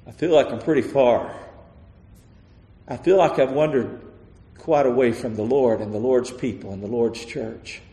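A man preaching a sermon in a church, pleading and passionate, then dropping to a hushed, intimate tone. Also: medium pitch, normal speed, long pauses. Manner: impassioned, swings from loud pleading to hushed near-murmur. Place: church sanctuary. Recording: echoey hall with long reverb.

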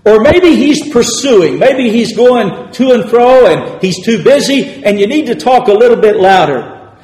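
A man preaching in character as an old prophet, taunting with slow, drawn-out emphasis. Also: very high voice, lively intonation, darkish tone, voice pushed up. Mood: mocking. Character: mocking old male prophet, bold and scornful. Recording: echoey hall reverb.

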